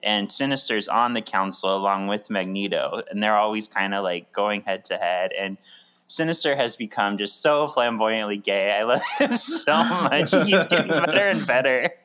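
A man's voice: on the low side, moderate pace, smooth. A man co-hosting a casual podcast, chatting and laughing often. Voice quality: laughs often, animated delivery. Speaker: podcast co-host.

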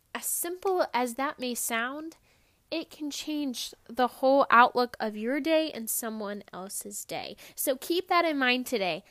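A young woman hosts a motivational podcast with a bubbly, earnest delivery. Her voice sits a little high and is recorded dry and close, with no room sound. She tells her stories with animated energy. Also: dry recording. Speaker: podcast host. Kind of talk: upbeat motivational podcast talk.

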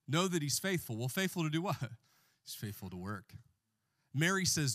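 A man's voice: fairly high pitch, very animated, normal speed, a bit bright, no room sound, studio quality. A man preaching a sermon as pastor in a church, joking with the congregation and calling for responses.

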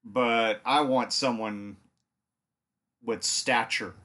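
A man's voice: mid-range voice, steady tone, drawn-out words, bright, forceful tone. A man co-hosting a podcast, joking around and swearing freely in casual chat.

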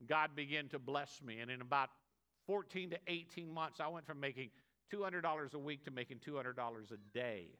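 Pastor, man in his sixties, high bright voice, emphatic sermon delivery. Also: a little fast, clear, resonant tone. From United States. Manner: emphatic preaching, repeated "amen" calls.

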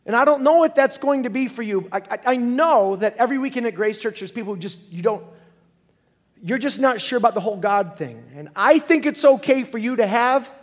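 A man's voice: very high voice, long reverb tail. A man preaching a sermon as pastor, conversational and joking as he retells the story.

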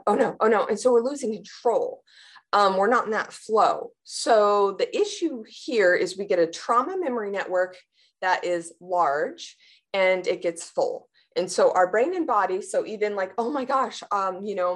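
A woman who works as a trauma therapist for athletes, answering interview questions in an animated way and acting out panicked inner voices with gasps. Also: medium pitch.

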